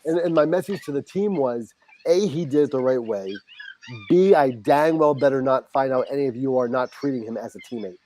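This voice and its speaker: A middle-aged man speaks in an ordinary mid-range voice, sharing an earnest, heartfelt story as a podcast guest. As a high school football coach, he acts out the back-and-forth dialogue with warmth and conviction. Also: brisk.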